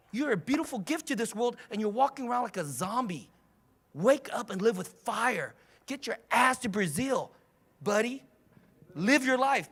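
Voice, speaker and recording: A man giving a motivational seminar as a coach, fiery and loud, shouting and swearing to rouse his audience. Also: sits high, big pitch swings, normal speed. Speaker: coach and trainer. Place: live seminar in front of an audience.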